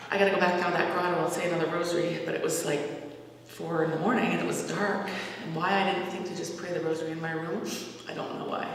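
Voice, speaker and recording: A woman's voice: fairly low pitch, creaky, slight background noise. A woman, a campus minister, telling a personal faith story at a retreat in an earnest, conversational way with frequent restarts. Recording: echoey hall recording from far off.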